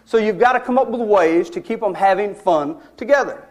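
A man with a fairly high voice delivers a storytelling sermon. He talks in a conversational way, leans hard on key words and drops wry asides to his listeners. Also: a little fast. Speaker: preacher.

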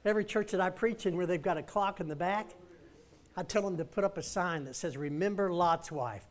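A man's voice: sits high, fairly quick. A man preaching in a church, telling a story and calling the congregation to respond with emphatic lines. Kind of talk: storytelling sermon.

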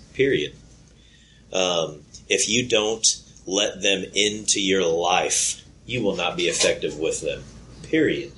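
Man youth minister, deep voice, earnest, stumbles over words. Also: a bit bright, poor audio. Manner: earnest, halting, many fillers. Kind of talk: workshop talk. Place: conference room.

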